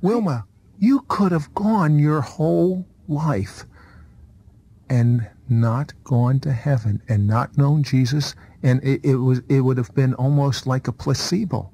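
A male TV host interviews a guest with earnest emphasis. His voice is gravelly, dark and husky. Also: mid-range voice, slow, no echo. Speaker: TV show host.

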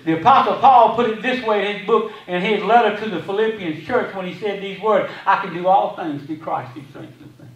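High-voiced man preaching in a roomy church. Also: a little fast, few pauses. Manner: preaching with repeated phrases and swings between loud and hushed; quotes scripture. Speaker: pastor. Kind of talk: sermon. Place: church sanctuary. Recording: echoey sanctuary from a distance.

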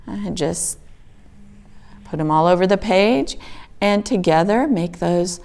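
A woman hosting a library storytime, reading a picture book aloud to young children in a gentle, sing-song way. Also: lowish voice, takes it slowly, creaky.

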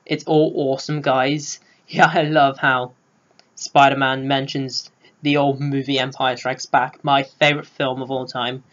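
A man giving a casual spoiler review of a film, gushing and filling pauses with "uh". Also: medium pitch, level tone, a bit bright, dull audio. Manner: gushing, lots of filler words. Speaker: film vlogger.

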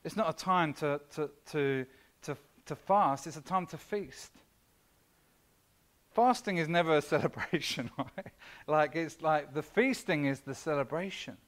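Male pastor with a high voice, preaching informally and teasing his flock. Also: a little slow, fairly bright tone. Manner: chatty, self-deprecating, with frequent fillers and asides to the congregation. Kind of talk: conversational sermon. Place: church.

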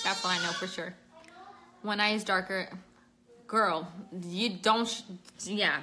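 A woman's voice: medium pitch, steady tone, a little slow, long pauses, bright, forceful tone, soft background music. A woman hosting a casual livestream makeup tutorial at home, chatting and reading out viewers' names while she works. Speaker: makeup vlogger.

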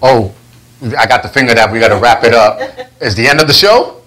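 A man hosting a casual interview show, animated and acting out quotes in a loud voice. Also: medium pitch, brisk, poor audio. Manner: animated, acts out quotes loudly. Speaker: talk show host.

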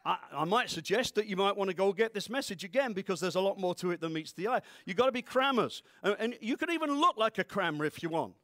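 A man preaching a sermon, playful, with quick asides and comic voices. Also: high voice, lively intonation, fairly bright tone, no echo, clean studio sound. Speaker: pastor.

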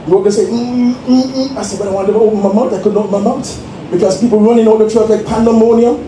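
Pastor, high-pitched and mellow, heard from afar in an echoey sanctuary, exuberant call-and-response preaching. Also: male voice. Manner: exuberant, calls for responses, laughs. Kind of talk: Pentecostal sermon. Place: church sanctuary. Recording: echoey church room from far off, faint noise.

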